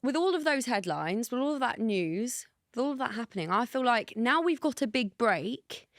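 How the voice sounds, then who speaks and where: A woman's voice: a little high, lively intonation, moderate pace, slight background noise. A woman co-hosting a podcast in casual chat, bubbly and chatty. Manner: bubbly, chatty, laughs easily. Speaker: podcast co-host.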